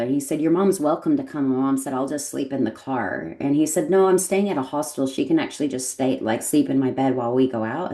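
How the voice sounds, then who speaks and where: A middle-aged American woman, a podcast guest, telling a personal story in casual conversation and acting out the dialogue. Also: a bass voice. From United States. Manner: animated storyteller, acts out quoted dialogue.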